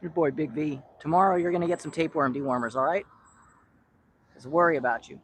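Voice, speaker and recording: Outside by a shipping container, a man feeds rescued street cats while vlogging, chatting fondly and teasing each cat by name as he talks to both camera and animals. His voice is a little high and quick, with slight hiss or hum in the recording.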